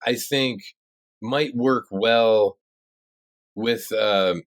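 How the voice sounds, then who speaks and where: A man co-hosting a film review podcast, trading jokes and quick reactions. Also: medium pitch. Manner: quick jokey back-and-forth, short reactions. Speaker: podcast co-host. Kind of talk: casual film review chat.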